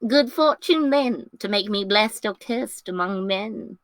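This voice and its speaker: A woman's voice: a little slow, dry recording, close to an everyday voice. A woman voicing a proud foreign prince courting a lady, reading the verse of a classic play aloud on her own with grand declamation. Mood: eager. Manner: declamatory verse with sweeping pitch swings. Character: proud foreign prince, adult man, boastful suitor.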